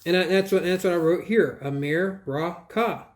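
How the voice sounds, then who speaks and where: A man's voice: high voice, normal speed. A man hosting his own channel, reviewing a book in casual, rambling commentary, scoffing at ideas and spelling words out letter by letter. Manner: digressive, restarts and trails off.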